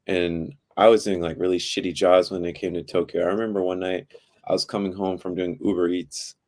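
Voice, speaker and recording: A young man chatting casually as a podcast guest, telling stories loosely with lots of filler words. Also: sits low. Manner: relaxed storytelling with frequent "like" fillers. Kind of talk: casual chat.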